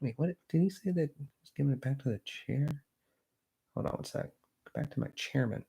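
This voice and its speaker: A man reading a hearing transcript aloud, breaking off to mutter quiet asides to himself. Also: medium pitch, fairly quick, gravelly, husky. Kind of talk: casual read-aloud with asides.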